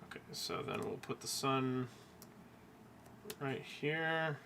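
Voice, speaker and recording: A man live-streaming as he draws a coloring page, quietly talking himself through the work with joking asides. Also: mid-range voice, slow pace, vocal fry, a little hiss or hum. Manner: mumbles quietly to himself while working, jokey asides. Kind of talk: casual live-stream chat while drawing.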